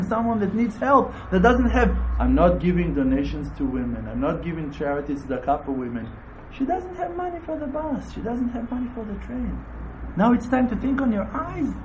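A man delivers a Torah sermon in an emphatic, repetitive way, breaking into laughing asides. His pitch swoops up and down with lively energy. A faint hum of ambience sits behind him. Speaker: rabbi teaching.

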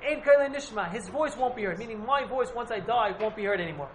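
A man's voice: sits high, animated, fast talker, noisy background. A man teaching a casual Talmud class to a few students, rambling and repeating himself as he explains. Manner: rambling, repeats and hedges often. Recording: echoey room.

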